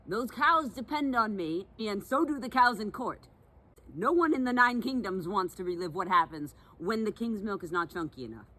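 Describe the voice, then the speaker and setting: A woman's voice: medium pitch, a bit bright. A woman playing a huffy, bossy milkmaid turned fae. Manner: mock-archaic, huffy and self-important. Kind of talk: one-sided comedic sketch.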